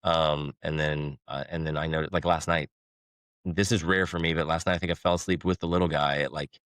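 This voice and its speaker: A man's voice: extremely low pitch, flat delivery, brisk, fairly bright tone, dry recording. A man talking as a podcast guest in a casual, rambling way, restarting sentences and laughing between thoughts. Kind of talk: casual conversation.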